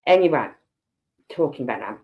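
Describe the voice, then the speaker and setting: A woman's voice: very deep voice, expressive, brisk. A woman with a Birmingham accent chats with her live audience in a loose, storytelling way. She slips into other people's voices as she retells what they said. The stream audio sounds dull and lo-fi. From Birmingham, England. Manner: chatty storyteller who acts out quoted voices. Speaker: livestream host. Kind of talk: casual chat to a live audience.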